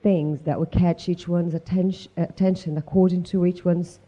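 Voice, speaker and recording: A woman in a Bible study group sharing a thought slowly and searchingly. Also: fairly low pitch, fairly even intonation, mellow. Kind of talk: group discussion. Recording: dull lo-fi audio.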